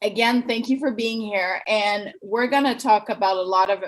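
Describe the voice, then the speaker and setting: A woman's voice: medium pitch, normal speed, low-quality recording. A woman with a French accent hosting a live-streamed interview, bubbly and giggly as she reads out viewer comments. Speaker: host.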